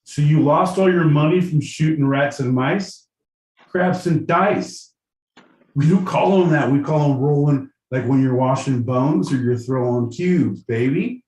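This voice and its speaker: Brief: man putting on a spaced-out surfer bro, rambling and high-pitched, roomy distant mic. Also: measured pace, darkish tone, slight background noise, close to an everyday voice. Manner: rambling, spaced-out, stoner drawl with bro slang. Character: dazed surfer dude contestant from the west coast, young man. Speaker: podcast co-host.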